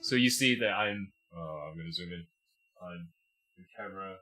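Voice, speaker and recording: Male piano teacher, patient livestream explainer, low-ish voice, piano behind. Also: lively intonation, moderate pace, bright, forceful tone. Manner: patient, explains while demonstrating, often asks "right?". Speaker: piano teacher reviewing a student. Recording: piano music playing behind.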